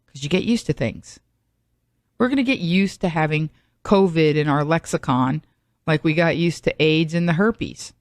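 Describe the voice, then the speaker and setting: A woman's voice: deep voice, moderate pace, no echo. Chatty woman podcast host, dry sound. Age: middle-aged. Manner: chatty, rambling, self-mocking asides. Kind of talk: solo comedic monologue.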